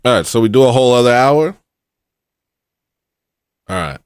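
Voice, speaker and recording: A man with a smooth, medium-pitched voice and lively intonation hosts a livestream at a moderate pace. He rambles and jokes as he reads super chats and thanks viewers for donating, and the recording is dry and clean, like a studio.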